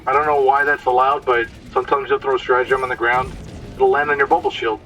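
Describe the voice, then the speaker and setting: A man's voice: medium pitch, level tone, quick pace, pushed and bright. Man explaining gameplay, distant mic. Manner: explanatory, stumbles over words. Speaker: gameplay commentator. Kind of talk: casual gameplay commentary.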